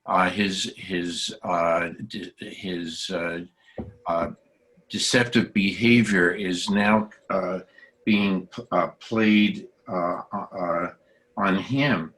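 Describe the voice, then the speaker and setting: A man guides a scripture study group at a very slow pace, stopping often for fillers and restarts. His voice sits low and unhurried. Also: steady tone, fairly bright tone. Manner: hesitant, many fillers and restarts. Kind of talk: halting Torah study discussion.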